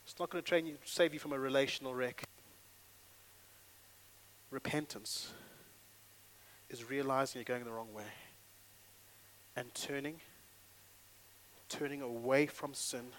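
A male pastor preaching a sermon in an animated way, acting out little dialogues and swinging between loud and hushed delivery. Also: mid-range voice, unhurried, pauses often, a little hiss or hum.

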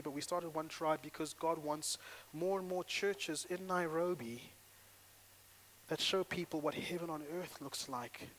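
A male pastor preaching a sermon in an animated way, acting out little dialogues and swinging between loud and hushed delivery. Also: a little high, normal speed, slight background noise.

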